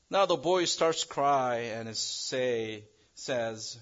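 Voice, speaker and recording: Halting male preacher, dull lo-fi sound. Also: animated, a bit bright. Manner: halting, restarts phrases, rises in pitch and volume on key words. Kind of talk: sermon with an illustrative story. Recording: dull lo-fi recording.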